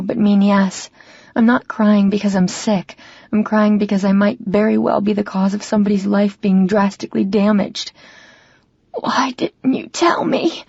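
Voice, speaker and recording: Husky, dark-toned woman narrating a romance. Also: mid-range voice, dry recording, lo-fi sound. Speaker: audiobook narrator. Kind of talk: first-person romance audiobook narration.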